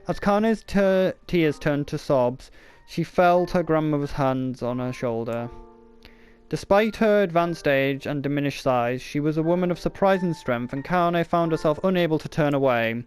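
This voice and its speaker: A man's voice: fairly high pitch, a little slow, clean tone, faint music behind. A man casually reading a novel aloud, often stumbling and restarting words, with the odd joking aside. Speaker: reader.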